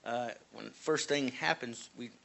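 A man's voice: mid-range voice, moderate pace, creaky, a bit bright. A man in a church group offering a comment, hesitant and full of fillers. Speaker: congregation member. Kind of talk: casual comment in group discussion.

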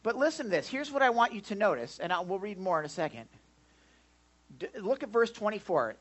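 A man preaching a sermon in church, animated, swinging between loud and hushed and asking the congregation questions. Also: high-pitched, moderate pace, low-quality recording. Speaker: pastor.

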